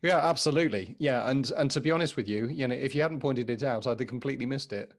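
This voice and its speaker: A man talks through a Bible passage in an easy conversational way, circling back on his words and affirming his partner often. His voice sits at a middling pitch. The delivery is thoughtful rather than preached. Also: fast. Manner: thoughtful, agreeable, many restarts and affirming yeahs. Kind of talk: conversational Bible study discussion.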